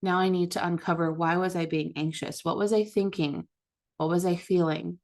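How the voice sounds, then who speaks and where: A mother leading a book study, talking in a gentle, reflective, casual way about her own habits. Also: lowish voice, steady tone, normal speed. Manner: gentle, self-reflective, with occasional laughs. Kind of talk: reflective casual teaching talk.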